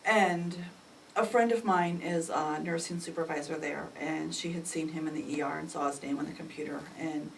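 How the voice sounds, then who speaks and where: Middle-aged mother, storytelling interview, animated, voice leaps high when quoting, recorded from a distance with light room noise. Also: normal speed, vocal fry. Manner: animated, acts out quoted dialogue with sudden jumps in pitch. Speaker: mother recounting a family crisis. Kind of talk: emotional personal storytelling. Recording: distant mic with faint ambient noise.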